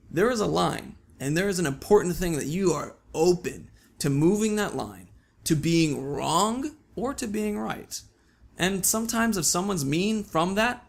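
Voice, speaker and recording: A man talking casually to his channel in a chatty vlog, with the odd swear and animated asides. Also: fairly high pitch, gravelly. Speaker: YouTube vlogger.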